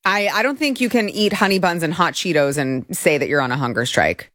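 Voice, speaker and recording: A woman hosting a political commentary show, talking in a sarcastic, indignant, animated way. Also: fairly low pitch, brisk, no echo, studio quality.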